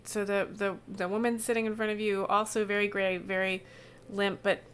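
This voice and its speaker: A woman narrating as game master of a tabletop game in an unhurried, hesitant way, with many fillers. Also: mid-range voice, level tone, fairly bright tone, slight background noise.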